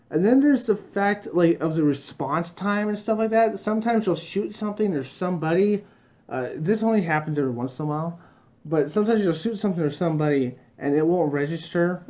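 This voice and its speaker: A man's voice: on the high side, warm tone. A man reviewing a video game in a casual, rambling rant, swearing constantly and restarting his sentences. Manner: heavy swearing, ranting, frustrated.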